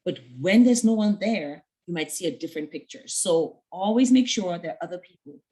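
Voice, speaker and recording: Woman mentor talking to young women, earnest, chatty, slightly low voice, tells stories. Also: lively intonation, normal speed, mellow, rough recording. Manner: earnest, storytelling with quoted dialogue; conversational with fillers.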